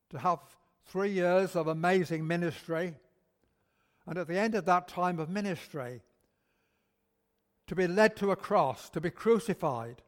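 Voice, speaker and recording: Slow, emphatic preacher in a church. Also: male voice, sits high, darkish tone. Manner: slow, emphatic, repeats key words. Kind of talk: sermon. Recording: long church reverb.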